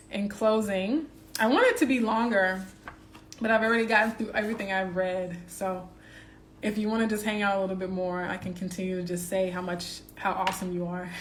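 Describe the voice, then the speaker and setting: A woman slowly reading affirmations with pauses between phrases, then chatting casually with livestream viewers. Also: mid-range voice, a bit bright, slight background noise. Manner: slow, deliberate, pausing between phrases.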